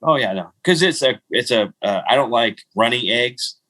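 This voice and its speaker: A man's voice: mid-range voice, animated, normal speed, sharp tone. A middle-aged man co-hosting a podcast, rambling through self-mocking travel stories with frequent laughs. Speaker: podcast co-host. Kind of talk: casual storytelling chat.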